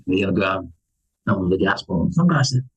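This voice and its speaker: A young man, chatting casually on a podcast as a guest and telling stories with lively acted-out voices. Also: low voice, quick pace, slightly rough, rough recording. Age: young adult. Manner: animated storytelling, acts out other people's lines. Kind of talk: casual chat.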